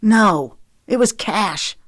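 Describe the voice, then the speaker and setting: A woman's voice: medium pitch, lively intonation, very slow, fairly bright tone, no echo, studio quality, pitched above the performer's own voice, heavily acted. A woman voicing an earnest, anxious older brother who speaks in an urgent, pleading way in an audiobook. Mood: defensive.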